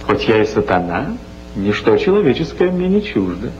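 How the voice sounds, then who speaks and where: A man's voice: mid-range voice, big pitch swings, brisk, darkish tone, highs cut off, close to an everyday voice. An actor playing a sly, chatty male devil who complains of rheumatism, in 1960s film dialogue from an old soundtrack with a hum.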